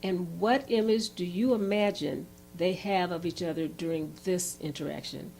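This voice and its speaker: Animated woman telling a story in a workshop. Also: fairly low pitch, moderate pace, vocal fry, slight background noise. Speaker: relationship workshop presenter. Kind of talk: storytelling lecture.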